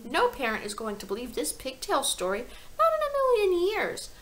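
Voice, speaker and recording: A woman voicing a clever, calm little schoolgirl who explains things earnestly. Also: on the high side, a little fast, rough recording.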